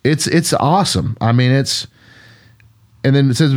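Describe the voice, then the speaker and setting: A man's voice: medium pitch, normal speed. A man, a pastor co-hosting a podcast, retelling a Bible story in an earnest, musing conversational way, with frequent restarts.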